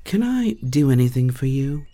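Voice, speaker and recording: A man putting on a higher voice for a brash, blunt young fire witch in an audiobook. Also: very animated, moderate pace, dark tone, no room sound, close to an everyday voice. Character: sharp-tongued young fire witch girl. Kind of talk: audiobook character voice.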